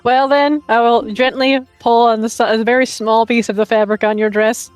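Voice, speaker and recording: A woman narrates her character's actions at a game table, pausing often and giggling. Her voice is somewhat high, and the sound is dry and close. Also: little pitch movement, no room sound, faint music behind. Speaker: player. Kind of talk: tabletop role-play narration.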